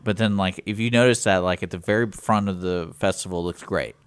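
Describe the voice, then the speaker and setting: A man's voice: deep voice, brisk, smooth, no room sound. Wry young man radio co-host. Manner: conversational, wry, rambling asides. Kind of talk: casual chat. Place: radio studio.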